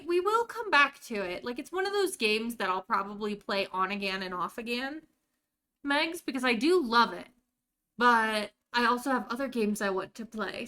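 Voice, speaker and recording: A woman's voice: fairly high pitch, animated, normal speed, pushed and bright. An American woman streaming a game live, chatting casually and talking to her viewers by name while she plays.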